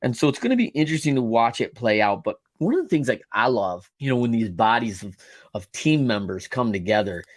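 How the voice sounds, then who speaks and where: A man hosting a podcast, talking about leadership in a rambling, animated way with many fillers. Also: mid-range voice, fairly quick, no room sound. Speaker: podcast host and leadership coach. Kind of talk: casual interview chat.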